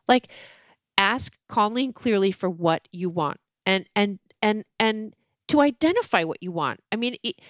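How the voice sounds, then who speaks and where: A middle-aged woman, an author guest in a casual interview, telling candid stories about her marriage with lively, self-mocking asides. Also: a little high, a little slow, dry recording.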